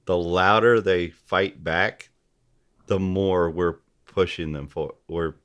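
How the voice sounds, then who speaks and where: A man as a podcast guest in casual political chat, halting and often restarting his sentences. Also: sits low, steady tone, fairly bright tone, highs cut off. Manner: halting, repeats and restarts, gropes for names.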